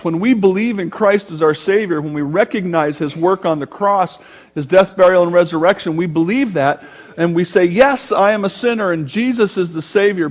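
A man preaching a sermon as pastor, explaining scripture with swings in pace and volume, sometimes dropping into low drawn-out grumbles to illustrate a word. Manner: expository preaching with sudden shifts in volume and pace.

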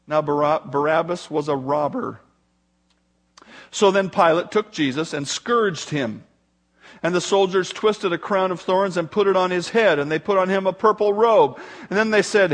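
Male preacher, high voice, dramatic scripture reading in a sermon. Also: normal speed. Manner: reads scripture dramatically, rising for quoted shouts. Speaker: pastor.

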